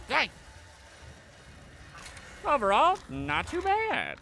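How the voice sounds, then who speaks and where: A young man giving loud, excitable let's-play commentary, yelling at enemies and cracking sarcastic quips. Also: on the high side, normal speed, long pauses, soft background music. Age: young adult. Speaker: gameplay streamer.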